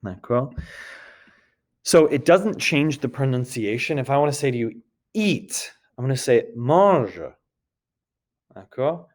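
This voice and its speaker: A man's voice: mid-range voice, lively intonation, measured pace, long pauses, darkish tone. A man teaching a recorded grammar lesson, patiently repeating points and checking in with his students as he goes. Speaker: French teacher.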